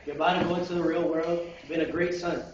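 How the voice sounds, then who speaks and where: A man's voice: a little high, steady tone, fast talker, background noise, natural voice. A young man voicing a middle-aged father who offers his son anything, then grows exasperated, in a dull, roomy recording made far from the mic. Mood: offering. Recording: roomy, distant, dull lo-fi amateur video.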